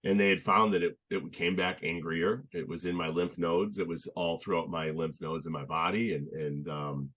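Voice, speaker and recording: A young man chatting as a podcast guest, telling his story in an earnest, halting way with many restarts. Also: deep voice, steady tone, a bit bright. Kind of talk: casual conversational storytelling.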